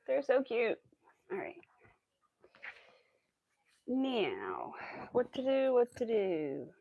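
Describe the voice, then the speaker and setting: A woman hosting a casual crochet livestream, chatting to her viewers as she works and cooing at her cat in a high baby voice. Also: huge pitch swings, extremely slow, vocal fry, long pauses, husky, narrow, tinny audio. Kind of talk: casual chat while crocheting.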